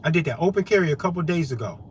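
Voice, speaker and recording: A man's voice: fairly high pitch, animated, racing, slight background noise. A man vlogging an impassioned monologue to camera, profane, emphatic and preachy, hammering points with repetition. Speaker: vlogger and activist.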